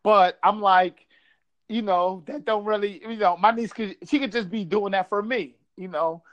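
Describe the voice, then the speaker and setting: A man's voice: high-pitched, moderate pace, a bit bright, muffled recording. A man from Buffalo telling a casual story, swearing freely and acting out quotes. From Buffalo, New York.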